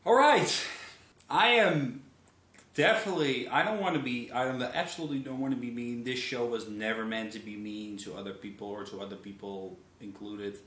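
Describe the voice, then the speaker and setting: Hosting a laid-back commentary video, this man talks at normal speed in a mid-range, somewhat bright voice. His speech wanders, with repeated words and frequent apologies, all captured in an echoey room.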